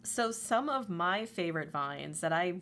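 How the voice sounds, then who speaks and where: A woman's voice: expressive, measured pace, a bit bright, a little hiss or hum. A woman livestreamer in casual chat, talkative, laughing often and swearing freely. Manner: chatty, swears, laughs often, quotes memes in a squeaky voice.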